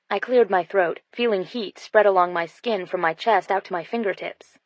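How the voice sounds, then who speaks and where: A woman's voice: medium pitch, moderate pace, few pauses, no echo. A woman narrating a first-person romance audiobook in an intimate storytelling manner. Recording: dull dry studio sound.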